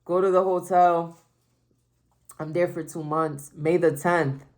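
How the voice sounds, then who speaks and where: A woman's voice: lowish voice, steady tone, slow. A young woman sharing a personal faith testimony in a casual, emphatic way, repeating phrases and saying "like" often.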